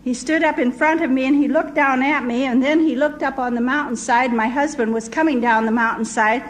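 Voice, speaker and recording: A woman's voice: sits high, fairly even intonation, brisk, a little hiss or hum, rough recording. Older woman telling her life story. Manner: vivid storyteller who acts out quoted voices. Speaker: missionary. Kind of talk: personal testimony storytelling.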